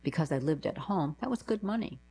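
Low-voiced woman reading stories aloud. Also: expressive, fairly quick, warm tone, breathy edge, rough recording. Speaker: narrator reading diary letters. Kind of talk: scripted narration.

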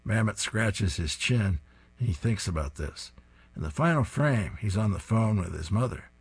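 A man's voice: lowish voice, expressive, normal speed, husky, dry recording. A man hosting a program where he reads comic strips aloud, chuckling at the jokes. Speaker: host reading comic strips. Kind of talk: reading service narration.

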